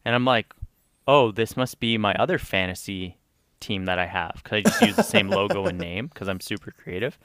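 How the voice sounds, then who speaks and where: A man co-hosting a casual podcast chat. He tells stories with animated energy, curses often and acts out quotes. His voice sits fairly low and sounds dry and close. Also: moderate pace, clear, resonant tone, dry recording. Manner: animated storytelling, swears freely, acts out quotes. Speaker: podcast co-host.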